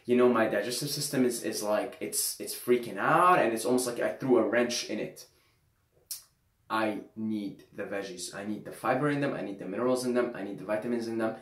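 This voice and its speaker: A man's voice: on the low side, fairly quick, fairly bright tone. Man musing casually in an echoey room. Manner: loose, emphatic, swears freely, repeats phrases. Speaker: vlogger. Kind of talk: casual monologue to camera. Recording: roomy echo.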